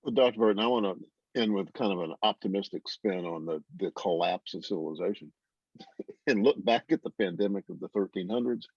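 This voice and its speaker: Husky low-voiced man moderating a call. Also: brisk, no room sound. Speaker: class moderator. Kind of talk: discussion over video call. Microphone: video call. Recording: dry, dull video call audio.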